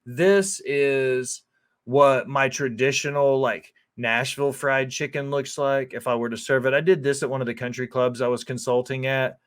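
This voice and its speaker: This man, a chef, gives a loose voice-over for a cooking video, cursing openly and filling gaps with "like" and "um." He speaks at a normal speed with medium pitch, fairly even intonation, and a clear, resonant tone.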